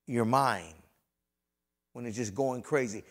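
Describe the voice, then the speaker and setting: Taking his time, a medium-pitched male pastor preaches, moving from loud, fervent stretches to soft, homespun stories with chatty asides.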